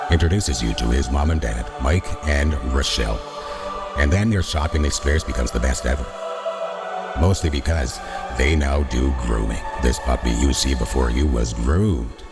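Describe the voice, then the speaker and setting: A man putting on a slow, grave narrator voice for a live-read sponsor ad. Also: rumbling low, pitched below the performer's own voice. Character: deep-voiced elderly male narrator impression. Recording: loud music playing behind the voice. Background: loud background music.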